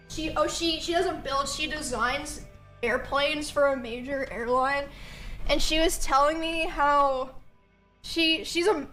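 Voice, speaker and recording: A woman's voice: sits high, a bit bright. A young woman streamer casually telling family stories to her chat, chatty and giggling, with 'like' in nearly every sentence. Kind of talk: casual storytelling to a live chat.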